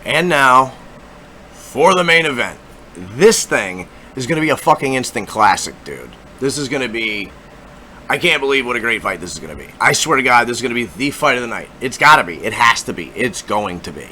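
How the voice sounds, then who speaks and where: A man hosting a casual fight-prediction talk, profane, excitable and rambling with lots of repetition. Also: mid-range voice, brisk, a little hiss or hum. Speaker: MMA fight predictions host.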